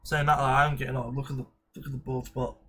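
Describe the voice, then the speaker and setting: A man's voice: mid-range voice, level tone, quick pace, sharp tone, breathy edge. A young man chatting casually as a reaction streamer, rambling through jokey asides. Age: young adult. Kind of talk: casual chat.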